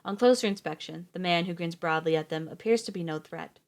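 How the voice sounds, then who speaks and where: A woman reading a novel aloud on a live stream, steady with the odd slip and restart. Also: fairly low pitch, brisk, creaky.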